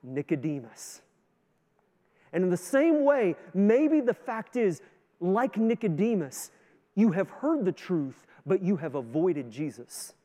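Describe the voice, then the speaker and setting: A man with a Canadian accent preaching a sermon as pastor, his voice swelling loud and then dropping low. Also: big pitch swings, slow. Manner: preaching with strong rises and drops in loudness; sings a hymn line with the congregation. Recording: long hall reverb.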